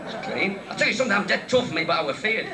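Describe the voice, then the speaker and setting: A man's voice: high voice, sing-song. A man with a Salford accent doing stand-up comedy in a pub, rattling off one joke after another. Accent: Northern English, Salford. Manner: rapid-fire joke telling. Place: crowded pub function room. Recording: distant mic, live pub crowd.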